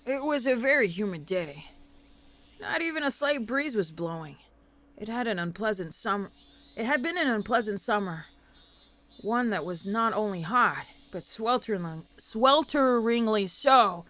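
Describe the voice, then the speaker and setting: A woman reading visual novel narration aloud, expressive and sometimes correcting herself. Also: medium pitch, a little slow, slight background noise. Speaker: reader of story narration.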